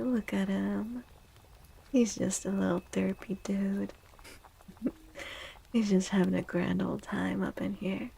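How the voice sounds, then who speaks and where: A woman streamer in a soft-spoken, whispered role-play as a friendly, playful witch, chatting with her viewers. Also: mid-range voice, little pitch movement, measured pace, gravelly, husky, low-quality recording. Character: friendly witch, female, young adult, playful.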